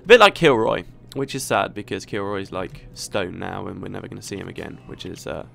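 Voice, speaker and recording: A let's play host chats and rambles as he plays through a video game, frequently restarting his thoughts. His voice is low with vocal fry, a bit bright, a little fast, and lively in intonation.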